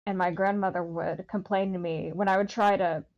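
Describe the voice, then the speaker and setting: A woman in casual group chat, excitable and rambling as she talks. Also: lowish voice, brisk. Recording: dull lo-fi mic.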